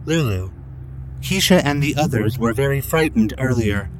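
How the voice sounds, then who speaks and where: A man's voice: mid-range voice, animated, normal speed, natural voice, poor audio. This is an earnest robot companion in an audio drama, as a man voices him. He speaks formally and bluntly, taking every remark literally. A faint hiss runs under his lines.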